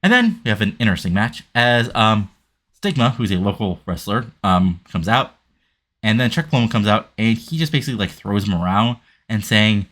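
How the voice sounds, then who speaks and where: A man's voice: lowish voice, very animated, normal speed, fairly bright tone. A man casually narrating a wrestling game playthrough, rambling with lots of fillers. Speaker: game commentator. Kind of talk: casual let's-play narration.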